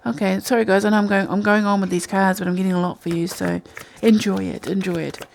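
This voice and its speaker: A woman's voice: medium pitch, steady tone, quick pace, vocal fry, slight background noise. A woman giving a casual, rambling tarot reading from home at night, talking in a chatty, intuitive way. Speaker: tarot reader.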